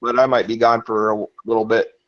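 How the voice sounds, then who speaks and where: A man's voice: lowish voice, flat delivery, brisk, slight background noise. Matter-of-fact man on a dull mic. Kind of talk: casual voice chat.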